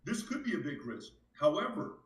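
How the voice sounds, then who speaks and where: A man hosts a live political stream, pressing his points hard and repeating them. His voice sits a little high. He sounds set back from the mic in an echoey room. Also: sing-song, normal speed, recorded from a distance. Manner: emphatic, insistent, repeats for emphasis. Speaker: host of a live reaction stream.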